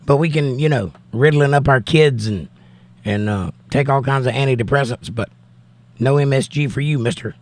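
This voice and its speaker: On his livestream, a man reads the chat aloud and responds casually with a wry edge. He has a mid-range, darkish voice and a moderate pace.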